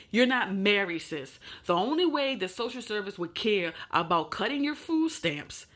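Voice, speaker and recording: A woman's voice: medium pitch, fairly bright tone. A woman hosting a reaction commentary, bluntly scolding and giving emphatic advice. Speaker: host.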